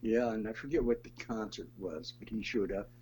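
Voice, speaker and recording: An older man, a guest in a conversational interview, telling stories in an animated way and laughing as he goes. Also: lowish voice, normal speed, a little hiss or hum. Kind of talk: conversational storytelling.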